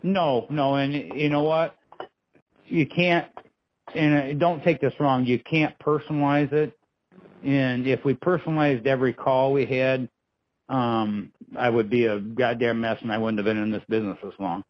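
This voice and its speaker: A man's voice: mid-range voice, fairly even intonation, moderate pace, highs cut off. A man in his fifties, a paramedic, talking frankly and bluntly in an interview. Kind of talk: interview conversation.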